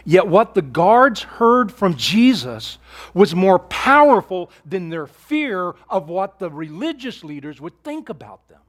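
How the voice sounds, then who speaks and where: Male pastor, sermon delivery, slightly high voice, earnest and conversational with hushed emphasis. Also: sing-song, unhurried. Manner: earnest preaching, rhetorical questions, drops to near-whisper on key lines.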